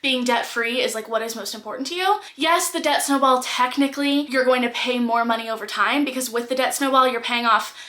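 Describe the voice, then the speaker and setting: A woman with a high, bright voice delivers blunt, candid commentary on money advice, swearing without hesitation. Her voice rings around a roomy, echoey space. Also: brisk, hardly any pauses. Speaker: personal finance YouTuber. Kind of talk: reaction commentary.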